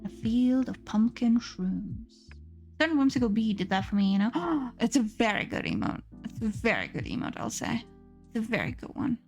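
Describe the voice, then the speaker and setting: A woman's voice: on the high side, sing-song, normal speed, vocal fry, a little mellow, soft background music. A woman streamer chatting casually and playfully with her live chat, giggling often and reading messages aloud.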